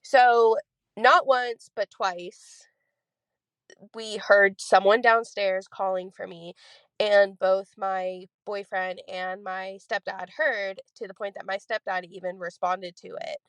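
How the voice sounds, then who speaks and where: Young female listener, twenties, chatty voice-message storyteller, rambles, mid pitch, dry close sound. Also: fairly even intonation, slow pace, fairly bright tone, clear, resonant tone, no echo. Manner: rambling, many fillers. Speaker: listener sharing a ghost story. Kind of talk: recorded voice message, casual storytelling.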